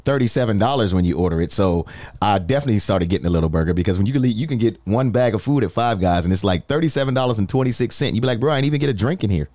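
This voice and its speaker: A man hosting a radio show, chatting casually and playfully, laughing and doing quick impressions. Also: fairly low pitch, lively intonation, warm tone, no echo. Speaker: radio host.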